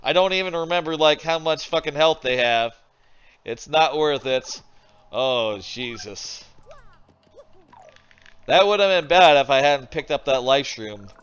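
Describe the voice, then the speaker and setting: A man's voice: a little high, lively intonation, moderate pace, fairly bright tone, clear, resonant tone, lo-fi sound. A man casually commentating a video game stream from his home desk, rambling and thinking aloud, swearing now and then. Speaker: streamer playing video games. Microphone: desk microphone.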